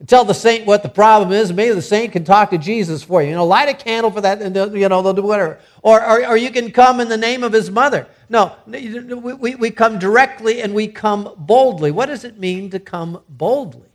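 A man's voice: high-pitched, brisk, few pauses. A middle-aged man preaching a sermon in a conversational way, often restarting his sentences. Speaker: pastor.

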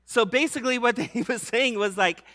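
Male preacher, high bright voice, laid-back slangy delivery with lively storytelling. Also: normal speed. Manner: slangy and conversational, many "like"s; animated storytelling with acted-out voices. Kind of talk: casual sermon.

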